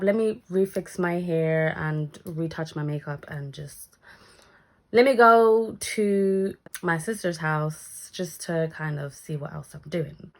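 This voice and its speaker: A young woman tells a story for her vlog in a casual, chatty way. She slips into other people's voices as she goes, and her speaking voice sits fairly low. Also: measured pace. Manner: animated, acts out quoted lines, swears casually. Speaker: storytime vlogger.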